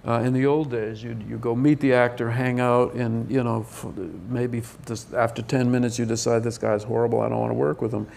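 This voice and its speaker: Hesitant older man with a creaky voice. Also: medium pitch, flat delivery, fairly quick, hardly any pauses, darkish tone, a little hiss or hum. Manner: rambling, hesitant with many restarts. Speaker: film director. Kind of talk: press event Q&A.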